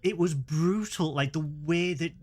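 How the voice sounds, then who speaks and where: A man, co-hosting a casual review podcast, recapping in an animated, playful way. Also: on the high side, unhurried, a crowd in the background. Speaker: podcast co-host.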